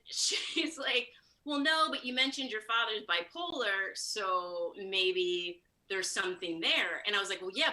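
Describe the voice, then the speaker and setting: A woman comedian from Chicago telling a story at a fast, high-energy clip, acting out the quoted lines. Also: pushed and bright, poor audio. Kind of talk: live storytelling monologue.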